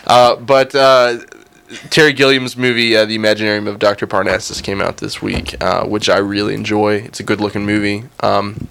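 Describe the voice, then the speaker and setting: A man's voice: lowish voice, monotone, gravelly, a bit bright, clear, resonant tone. Laid-back young man on college radio. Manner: laid-back, self-deprecating, halting with fillers. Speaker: radio movie show host. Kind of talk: casual radio chat. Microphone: studio mic.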